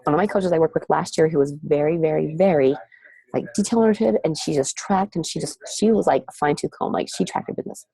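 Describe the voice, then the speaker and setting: Gushing woman with a warm, husky voice. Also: deep voice, fast talker, dry recording. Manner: gushing, exclamatory, repeats herself for emphasis. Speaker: leader of a team of fitness coaches. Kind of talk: motivational talk on a video call.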